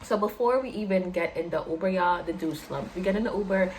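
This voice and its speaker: A woman in her twenties in casual storytime chat to camera, animated, jumping in pitch and talking straight to her viewers. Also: fairly quick, a little hiss or hum. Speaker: vlogger telling a personal story.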